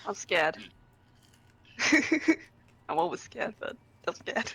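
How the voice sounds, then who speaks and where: A player in a tabletop game, jokey and quick to exclaim. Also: mid-range voice, big pitch swings, vocal fry, fairly bright tone, husky, poor audio. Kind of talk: casual tabletop game chat.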